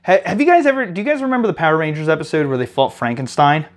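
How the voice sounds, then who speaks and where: A man hosting a casual card game review, reading cards aloud with excited reactions. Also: a little high, racing. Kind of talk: casual chat.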